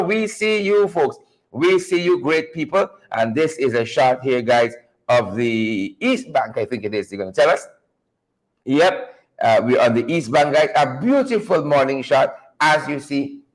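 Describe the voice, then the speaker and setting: A man's voice: a little high, rough recording. A man hosting a live morning show, greeting viewers by name and repeating his phrases upbeat.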